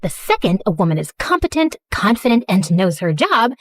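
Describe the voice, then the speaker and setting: A woman's voice: mid-range voice, very animated, normal speed, dry recording. A woman playing a curt, snappy young agent. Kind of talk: animated story voice acting.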